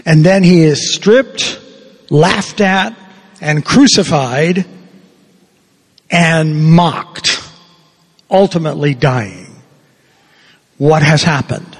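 An older man delivers a sermon as a parish priest, his voice a little husky and pitched somewhat high. He speaks very slowly, leaning on pauses for weight. The church rings with a long reverb around him. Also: expressive. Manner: slow, deliberate preaching with emphatic pauses.

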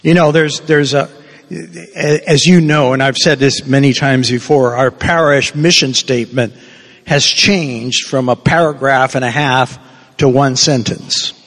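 Slow, husky older priest preaching. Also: male voice, medium pitch, fairly even intonation, fairly bright tone. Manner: slow, deliberate preaching with emphatic pauses. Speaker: parish priest. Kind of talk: sermon. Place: church. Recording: long church reverb.

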